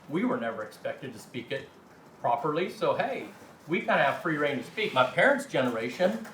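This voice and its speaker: A man with a somewhat high, slightly bright voice teaches a language class informally, chatty and encouraging as he tells anecdotes to the room. He's recorded from far off in an echoey room, with a little hiss or hum.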